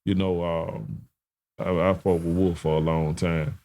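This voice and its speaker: A man's voice: low voice, little pitch movement, measured pace, dark tone. A man telling a long, rambling story as a podcast guest, full of slang and fillers. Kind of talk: casual storytelling.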